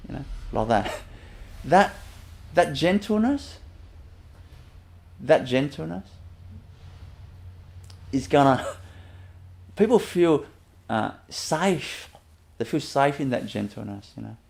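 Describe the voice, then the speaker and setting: A man giving a spiritual teacher's webinar talk, gently, chuckling often and repeating his phrases. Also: medium pitch, sing-song, slow pace, gravelly, pauses often.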